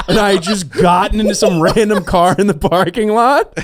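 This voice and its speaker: A man's voice: high-pitched, moderate pace, a crowd in the background. A man from Ohio hosting a podcast, telling a story in casual chat, acting out the people in it and laughing often. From Ohio, USA. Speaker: podcast host.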